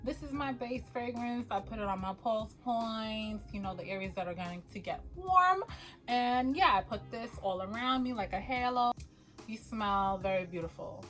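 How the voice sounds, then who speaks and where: A woman talking casually to the camera as a perfume vlogger, animated and quick to laugh, often calling her viewers y'all. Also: fairly high pitch, soft background music, low-quality recording.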